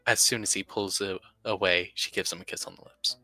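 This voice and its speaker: Young man, low bright voice. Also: steady tone, fairly quick, soft background music. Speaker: tabletop role-play player. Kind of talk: casual role-play narration and in-character talk.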